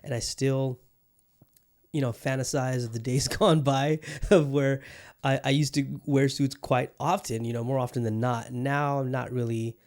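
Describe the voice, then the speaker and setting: A man's voice: mid-range voice, fairly even intonation, moderate pace, darkish tone. A man hosting a solo podcast in a casual monologue, rambling and restarting his sentences often, loose, joking and profane. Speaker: podcast host.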